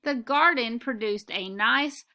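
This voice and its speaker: A woman teaching a phonics lesson, speaking slowly and deliberately as she walks through spelling rules. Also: a little high, sharp tone. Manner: slow, deliberate and instructive.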